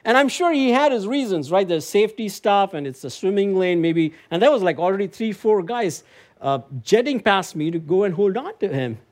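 A man with a somewhat high voice delivers a sermon, weaving a personal story into his preaching. He talks in an animated way and climbs to emphatic peaks as he drives his points home. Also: normal speed.

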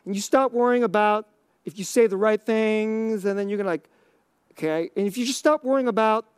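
A man preaching a conversational sermon, chuckling often and dropping to a near hush on key lines. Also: sits high, a little fast, clean tone, no room sound, clean studio sound. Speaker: pastor.

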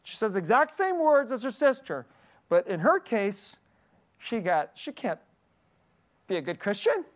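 An earnest preacher delivering a sermon to a congregation, reading verses aloud and then unpacking them. The voice sits at a middling pitch and keeps sinking into a soft, hushed tone to stress a point. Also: big pitch swings, a little slow, long pauses.

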